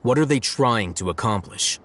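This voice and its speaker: A man voicing a calm young hero in a game, pressing captives with questions. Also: medium pitch, normal speed.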